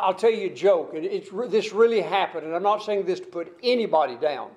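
Older preacher, high voice for a man, rambling sermon delivery with repeated words and restarts. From United States. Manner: rambling, repeats words and restarts phrases, drawls key lines.

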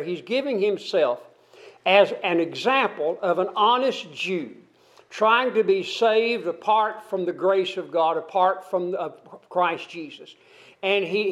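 A man's voice: high voice, muffled recording. A man preaching an expository sermon, reading scripture aloud and explaining it verse by verse, asking his listeners questions. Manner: asks the congregation questions.

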